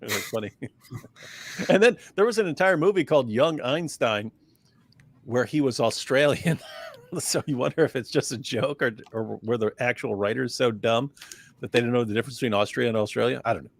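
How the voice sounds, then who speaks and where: A man's voice: medium pitch, a little fast, creaky. A man co-hosting a live stream in casual banter, joking and breaking into bits of song and laughter.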